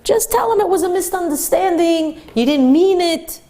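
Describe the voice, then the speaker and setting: A woman voicing a male friend who calmly reassures and encourages. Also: extremely high pitch, moderate pace, voice pushed up. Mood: reassuring. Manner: soothing, reassuring.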